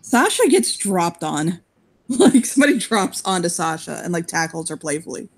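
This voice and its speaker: A woman narrating a tabletop role-playing game as game master, animated, sweary and often giggling. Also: lowish voice, normal speed.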